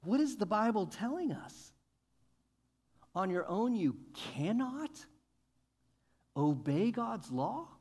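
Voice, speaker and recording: A man's voice: high-pitched, very animated, slow, long pauses. Man preaching with emphatic peaks. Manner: rises to emphatic, loud peaks, asks the congregation questions. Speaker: pastor. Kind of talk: sermon.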